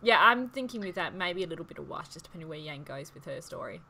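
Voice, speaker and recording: A woman co-hosting a casual fan discussion, agreeable and quick with short affirmations. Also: low voice, lively intonation, gravelly, bright, forceful tone. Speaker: co-host.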